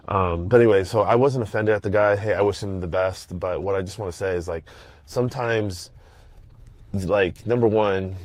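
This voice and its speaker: A man's voice: deep voice, a little mellow, dry recording. A middle-aged man hosting a casual solo podcast, rambling in slangy talk with many restarts and fillers. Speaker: podcast host.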